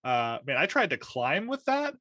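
A man hosting and playing in a tabletop role-playing session, describing his moves casually with many fillers and frequent laughs. His voice is bright and forceful, with a dry, close sound. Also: a little high, huge pitch swings, normal speed, no echo. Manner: filler-heavy, laughing easily. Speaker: host and player. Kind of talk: tabletop game play, casual.

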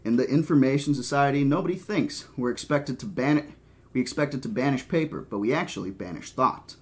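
A man's voice: mid-range voice, a little fast, natural voice. A man reading the lines of a wry, opinionated male mathematician in a dry, lecturing manner.

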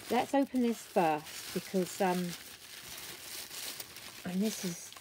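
A British woman chatting casually as she shows off craft gifts, croaky from the end of a cold and gushing over each item. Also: medium pitch, animated, slow, background noise. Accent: British English. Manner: gushing and warm, frequent ums, gasps with delight. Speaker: craft vlogger. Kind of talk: casual show-and-tell chat.

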